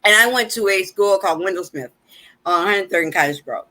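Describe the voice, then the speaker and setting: Bright, animated woman host. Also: brisk. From Chicago, USA. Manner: animated storyteller with big pitch swings, laughs often. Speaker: host and minister. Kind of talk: live-streamed casual talk show. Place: at home.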